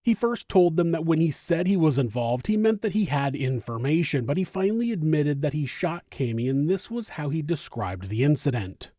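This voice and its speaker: A man hosting a true crime show in scripted narration, with wry, expressive commentary. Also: a little high, normal speed, hardly any pauses, no echo, clean studio sound. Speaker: true crime channel host.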